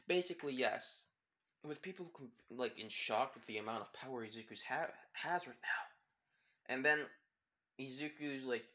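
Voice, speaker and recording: A man's voice: mid-range voice, bright, forceful tone. A man improvising a fan story aloud, rambling with many fillers and self-corrections.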